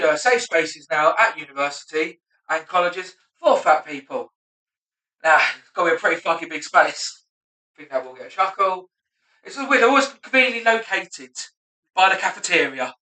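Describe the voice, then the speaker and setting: A man's voice: high voice, expressive, moderate pace, pushed and bright. A man, a stand-up comedian rehearsing his set aloud, self-mocking and sweary, muttering asides between punchlines. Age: 30s. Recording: roomy and distant.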